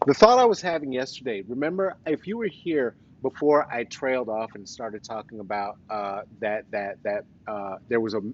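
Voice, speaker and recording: A man with a Colorado accent and traces of the East Coast, hosting a casual livestream with playful, rambling, jokey asides. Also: medium pitch. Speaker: host. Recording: slightly dull lo-fi sound.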